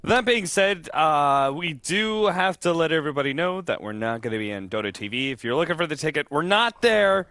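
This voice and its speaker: A man's voice: on the high side, animated, a little fast, pushed and bright, no room sound. A man casting an esports match, bantering casually and playfully with his co-caster. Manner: playful, laughs often, does silly voices.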